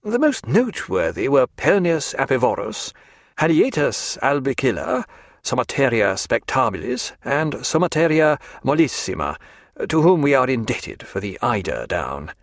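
A man's voice: medium pitch, sing-song, moderate pace, dry recording. A man voicing a composed naval doctor who answers questions with dry, precise, formal evasions.

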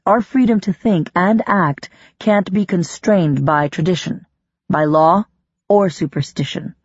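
A man's voice: high-pitched, measured pace, husky, no echo, dull audio. A reader playing an insistent lecturing man. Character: man, a crew member philosophizing, forceful.

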